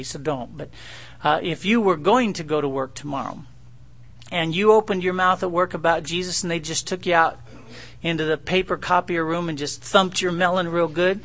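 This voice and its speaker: A male preacher delivers his sermon in a high, bright voice. He speaks in an animated, conversational way and keeps turning to the congregation with rhetorical questions.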